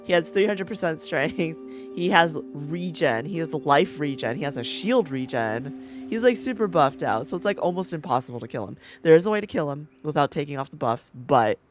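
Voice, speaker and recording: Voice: mid-range voice, expressive, normal speed. A gaming creator giving casual gameplay commentary, chatty and rambling, who swears freely and laughs often. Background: game music.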